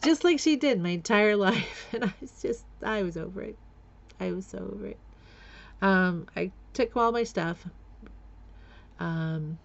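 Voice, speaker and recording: A woman's voice: lowish voice, gravelly, muffled recording. A middle-aged woman telling a personal story on her vlog, candid and blunt, often laughing between lines. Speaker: vlogger.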